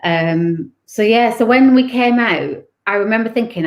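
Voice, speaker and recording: A woman's voice: a little high, measured pace. A woman, a guest author telling her personal story in an interview, candid and emotional with many restarts.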